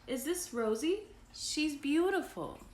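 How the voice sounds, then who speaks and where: A woman reading the part of a cheerful young mother of newborn triplets, her voice lifting a little higher. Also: animated, measured pace, a little mellow, reverberant, a little hiss or hum, natural voice.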